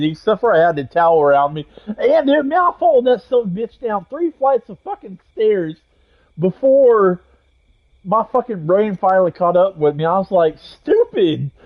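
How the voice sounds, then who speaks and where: Man, gamer telling an army tale, cursing constantly, rambling, dull muffled audio. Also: sits high. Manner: profane, rambling storyteller with many fillers and restarts. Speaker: gaming streamer and army veteran. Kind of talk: casual anecdote told while gaming.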